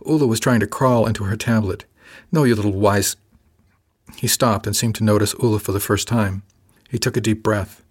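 A man narrating a story in the first person, in a calm, dryly witty manner. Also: fairly low pitch, a little fast, husky. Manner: calm, dry wit. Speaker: audiobook narrator.

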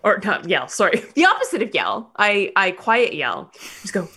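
A woman's voice: medium pitch, wildly swooping pitch, normal speed, sharp tone, slightly rough. A woman player in a tabletop game, talking casually and giggling, with lots of likes. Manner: giggly, rambling with many likes.

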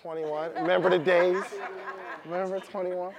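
A man's voice: high-pitched, flat delivery, moderate pace, creaky, muffled recording, crowd noise. A man giving a motivational talk to a live audience, asking them questions and repeating his key points. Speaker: motivational speaker. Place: room with an audience.

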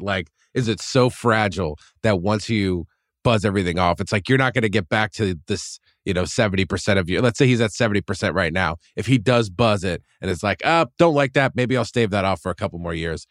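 A man's voice: lowish voice, dry recording, clean studio sound. A man co-hosting a podcast, asking rambling questions and laughing easily. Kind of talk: casual podcast chat.

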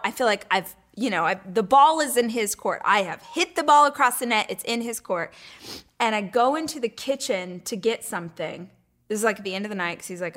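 A woman hosting her own weekly show, telling a story in a chatty, animated way, full of "like" and acting out her own thoughts in whispers and squeals. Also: medium pitch, normal speed. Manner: chatty, lots of "like". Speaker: show host. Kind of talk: casual storytelling chat.

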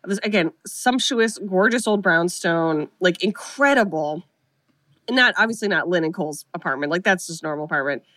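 A woman's voice: on the low side, normal speed, fairly bright tone, no echo. Chatty woman recapping a film, dry sound. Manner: chatty, sarcastic, acts out characters' lines. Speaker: podcast co-host recapping a film. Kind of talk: casual chat.

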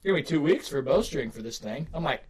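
A man casually telling a long, excited hunting story on a podcast, laughing often and getting animated. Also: on the high side, fast, background noise.

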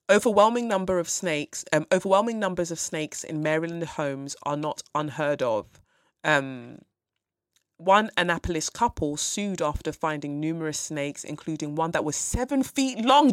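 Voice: medium pitch, lively intonation, measured pace, clear, resonant tone, no echo, studio quality. A podcast host, ranting with blunt, profane exasperation about the news. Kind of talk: ranting commentary.

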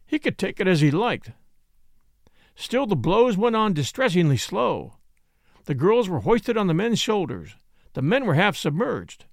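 High-voiced, lively male storyteller. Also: vocal fry, no room sound, clean studio sound. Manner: expressive storytelling. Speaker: narrator. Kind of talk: dramatic reading of a classic short story.

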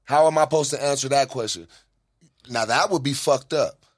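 A man's voice: mid-range voice, moderate pace, dry recording, clean studio sound. A young American man co-hosting a podcast, talking in a blunt, emphatic, profane way. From United States. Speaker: podcast co-host. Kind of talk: casual chat.

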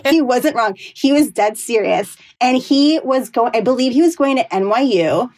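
A woman's voice: fairly high pitch, animated, normal speed, a little mellow. Chatty woman astrologer telling stories. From New York City. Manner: chatty, lots of "like" and "you know". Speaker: astrologer guest. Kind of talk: casual storytelling interview.

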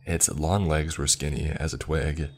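A man narrating a scripted horror story in a steady, measured telling, over faint music. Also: rumbling low.

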